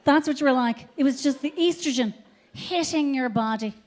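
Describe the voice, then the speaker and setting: A blunt, unflappable Irish woman doctor delivers news in a matter-of-fact voice, as a comedian puts her on. The voice is lowered a little from the comedian's usual high pitch. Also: normal speed, darkish tone, lightly acted.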